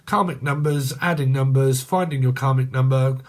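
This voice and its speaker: A man's voice: medium pitch, normal speed. A man giving a casual tarot reading, rambling and joking crudely with frequent laughter. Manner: rambling, chatty. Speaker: tarot reader.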